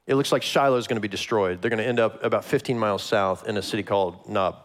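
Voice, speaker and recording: A man preaching a conversational sermon as a pastor, animated and acting out the lines he quotes. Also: lowish voice, fast.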